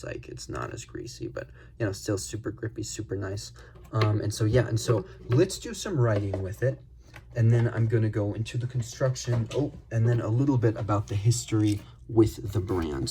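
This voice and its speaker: Low gravelly guy rambling excitedly about a pen he loves, lots of likes and ums, faint hum in the room. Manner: rambling and excited, full of fillers and gushing exclamations. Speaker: pen reviewer. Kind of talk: casual unscripted product review. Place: at a desk.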